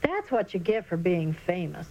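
A woman's voice: on the low side, very animated, moderate pace, vocal fry, warm tone, heavily acted, rough recording. A woman voicing a friendly, cheerful young boy in a storybook reading.

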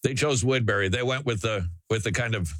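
A man's voice: fairly low pitch, fairly quick, a bit bright, no room sound. A man from Saint Paul, Minnesota, hosting a radio talk show in a sarcastic, mock-emotional monologue. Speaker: radio host.

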